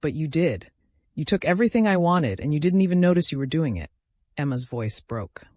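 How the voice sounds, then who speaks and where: A man's voice: fairly high pitch, big pitch swings, brisk, a little mellow, no echo. A man reading a bitter, jealous woman. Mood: vengeful. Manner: accusing, rising intensity.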